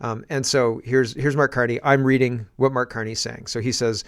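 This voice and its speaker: A man's voice: medium pitch, flat delivery, normal speed, hardly any pauses, smooth. A man from Canada giving opinionated political commentary, sarcastic and exasperated, often stumbling and restarting his sentences.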